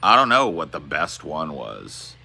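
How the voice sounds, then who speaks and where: Deep, bright-toned male streamer, rambling. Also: huge pitch swings, measured pace, vocal fry, slightly rough. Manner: rambling, profane, laid-back. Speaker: streamer answering chat questions. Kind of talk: casual livestream chat.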